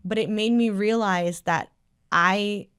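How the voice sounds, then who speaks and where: Animated woman host in a dry studio. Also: mid-range voice, slow pace, smooth, no echo. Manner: animated storyteller, acts out quoted voices. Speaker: podcast host. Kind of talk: casual chat.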